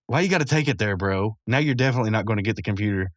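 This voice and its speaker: A man's voice: on the low side, lively intonation, racing, dry recording, studio quality. A man voicing a petty, bossy guy who berates others over the computer, in a brash, berating way. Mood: indignant.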